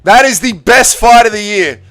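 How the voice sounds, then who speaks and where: A high-pitched man with a bright, cutting tone hosts a fight watch-along stream. He swears freely and shouts through the action, then settles into slow, worn-out, emotional talk. Faint music plays behind him. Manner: excitable, profane, shouting at peaks then drained and emotional. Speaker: livestream host.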